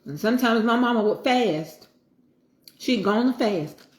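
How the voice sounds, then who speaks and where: A woman's voice: a little high, animated, moderate pace, roomy sound. Folksy woman talking over a meal. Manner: folksy Southern talk, preachy asides. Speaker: home cooking vlogger. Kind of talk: casual chat while eating.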